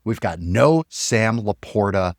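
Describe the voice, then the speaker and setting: A man co-hosting a sports podcast, hyped and animated with sarcastic asides. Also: on the low side, slow, dry recording, studio quality. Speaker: podcast co-host. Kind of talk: energetic sports talk.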